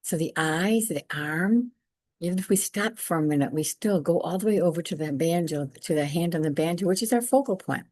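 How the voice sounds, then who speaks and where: A woman art teacher walks through slides in a casual, chatty lecture, repeating points and gushing over examples. Her voice sits low. The sound is dry and close, with no room around it. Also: darkish tone, no echo. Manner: enthusiastic, repeats herself, brisk asides.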